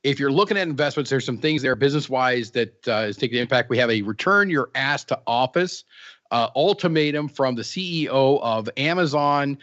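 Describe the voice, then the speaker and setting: A man's voice: mid-range voice, animated, brisk, fairly bright tone, highs cut off. A man co-hosting a casual podcast from Central Ohio, joking and rambling with restarts. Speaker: podcast host.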